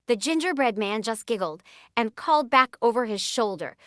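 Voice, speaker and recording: A woman narrating a children's storybook in an expressive, animated way. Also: fairly high pitch, normal speed, clean tone, no room sound, studio quality.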